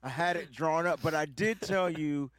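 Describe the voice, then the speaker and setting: A man co-hosting a sports podcast, talking in a casual, animated and boastful way with some swearing. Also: a little high, moderate pace, dry recording.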